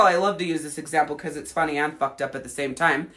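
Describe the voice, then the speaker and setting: Bright-voiced, blunt, foul-mouthed woman coach. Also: low voice, steady tone, fast. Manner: blunt and heavily profane, acting out quoted voices. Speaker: life coach. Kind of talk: livestream talk answering viewer comments.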